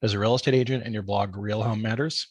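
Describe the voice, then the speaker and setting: Male podcast host, lowish voice, chatty anecdotes, dry close mic. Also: fairly even intonation, quick pace, no room sound. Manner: chatty, tells anecdotes with laughter. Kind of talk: casual interview conversation.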